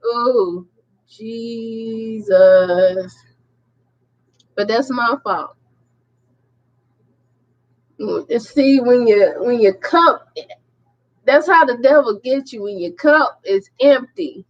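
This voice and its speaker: A woman, a podcast host and prophetess, telling a personal testimony in an emphatic, animated way and laughing through it. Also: fairly high pitch, slow pace, pauses often. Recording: muffled lo-fi audio.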